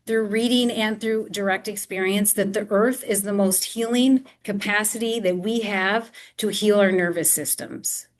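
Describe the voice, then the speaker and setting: A woman speaks to an audience in a library, telling her own story. She acts out the quoted voices as she goes, and her pitch sits in a middle range. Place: public library talk before a live audience.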